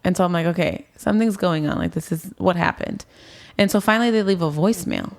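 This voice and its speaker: A woman's voice: fairly low pitch, fast talker, gravelly. A woman in her twenties telling her personal story to an interviewer in a casual way, with lots of "like" and "um", acting out what people said. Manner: casual, frequent "like" and "um", acts out past dialogue.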